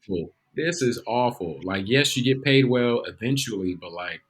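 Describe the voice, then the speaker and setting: A man's voice: mid-range voice, expressive, moderate pace, husky. A man guesting on a podcast as an actor, telling stories in a laid-back, joking way. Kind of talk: casual interview chat.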